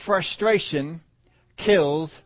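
A man preaching with strong emphasis, now and then mimicking the voices of doubters. His voice sits a little high for a man. The recording is dull and lo-fi, like archived church audio. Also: very slow. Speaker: pastor. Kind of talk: sermon.

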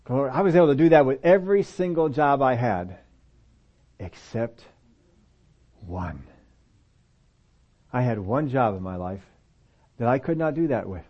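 A male preacher giving a casual, animated sermon, acting out little dialogues and telling stories from his own working life. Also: mid-range voice, a little slow, long pauses. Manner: animated, acts out dialogue voices. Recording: dull, lo-fi audio recording.

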